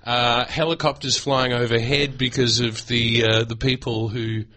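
A man's voice: medium pitch, flat delivery, a little slow, bright, forceful tone. A man with an Australian accent hosting a food show on community radio, joking and rambling in casual banter from a studio mic. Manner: playful, giggly, rambling. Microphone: studio microphone.

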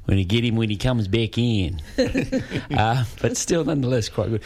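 A man's voice: mid-range voice, brisk, darkish tone. A male radio host from Australia, chatty and wordy as he asks his questions. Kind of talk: casual radio chat.

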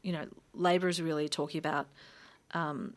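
A woman's voice: deep voice, fairly even intonation, normal speed. An Australian woman hosting a community radio show, chatting casually with fillers and easy asides. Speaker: radio host. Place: radio studio.

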